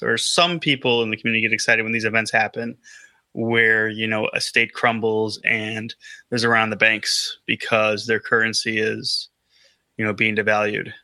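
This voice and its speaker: A man's voice: mid-range voice, bright, forceful tone, dry recording. A man co-hosting a podcast in casual chat, rambling and hesitant with lots of fillers and restarts. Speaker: podcast co-host.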